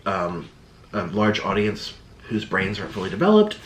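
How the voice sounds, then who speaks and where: A man's voice: low-pitched, sing-song, moderate pace, a little hiss or hum. Rambling, defensive young man, echoey room. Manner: rambling and defensive, with sarcastic quoted voices. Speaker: YouTuber. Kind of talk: casual to-camera talk.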